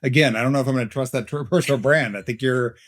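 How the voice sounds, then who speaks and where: A man's voice: medium pitch, racing, dry recording, clean studio sound. Guy hosting a podcast, jokey and rambly, medium voice. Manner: joking, rambling. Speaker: podcast host. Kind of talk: casual chat.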